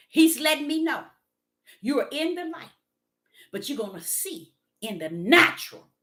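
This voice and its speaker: A woman preaching with fervor in a rhythmic, repetitive monologue that swings between loud declarations and soft asides. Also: high-pitched, big pitch swings, moderate pace.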